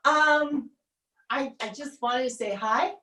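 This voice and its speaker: Actress doing a shy, pleading little girl, high voice, roomy and distant. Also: slow pace, sharp tone, full character voice. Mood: timid. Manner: hesitant, pleading. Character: young girl, pleading and unheard. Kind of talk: solo stage performance. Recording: roomy stage sound, mic far off.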